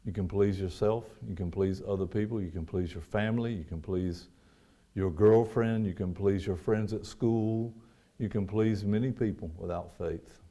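A man preaching a sermon, rising to loud emphatic peaks and dropping to quiet, low asides. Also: fairly even intonation, normal speed.

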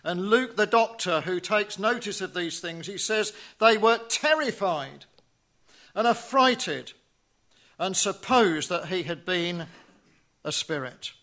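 A man preaching a sermon in a measured way, asking rhetorical questions and dropping to a hush on key phrases. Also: sits high, lively intonation.

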